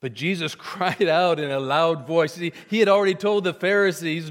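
A man preaching a sermon, swinging from hushed, intimate lines to loud, emphatic cries. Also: on the high side, normal speed. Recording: long hall reverb.

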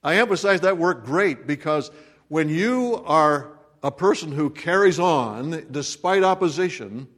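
A man's voice: on the high side, animated, a little slow, a bit bright. A man preaching a sermon, earnest and direct, who acts out the voices of people in the scripture and puts pointed questions to his listeners. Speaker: pastor.

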